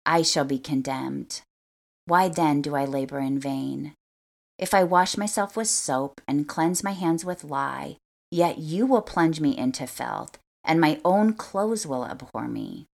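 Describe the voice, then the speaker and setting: Woman, scripture reading, low voice, creaky, measured and earnest. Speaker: scripture reader.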